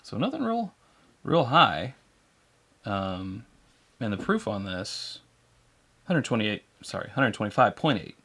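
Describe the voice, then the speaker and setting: Gravelly, lively male livestream co-host. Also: lowish voice, measured pace, long pauses. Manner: relaxed, chatty, laughs often. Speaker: co-host of a whiskey tasting livestream. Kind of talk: casual chat.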